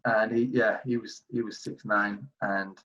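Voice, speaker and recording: A man in his forties from England, telling basketball stories in a casual interview, animated and rambling with many fillers. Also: fairly low pitch, measured pace. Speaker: streetball player guest. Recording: dull lo-fi audio.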